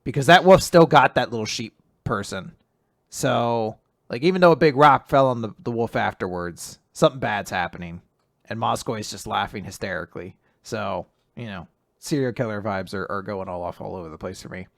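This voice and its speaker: A man's voice: lowish voice, moderate pace, creaky, fairly bright tone, dry recording, studio quality. A man co-hosting a casual podcast, animatedly retelling comic chapters and acting out the characters' lines with frequent laughs. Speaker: podcast co-host recapping manga. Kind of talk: casual chat.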